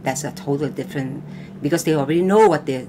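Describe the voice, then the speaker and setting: An older woman, a guest vocal coach, talking in a live-stream interview, halting and repeating words with loose grammar. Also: sits low, mellow, a little hiss or hum.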